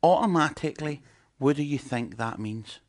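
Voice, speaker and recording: A man's voice: fairly high pitch, expressive, moderate pace, no room sound, studio quality. A man preaching in a conversational teaching style, chatting and putting questions to his audience.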